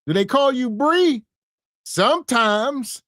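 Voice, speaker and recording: A podcast co-host who talks slowly and plays both sides of a conversation for laughs. His pitch moves widely and the room sounds dry. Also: animated, a bit bright, no echo. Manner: drawling jokes, acts out both sides. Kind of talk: reaction podcast banter.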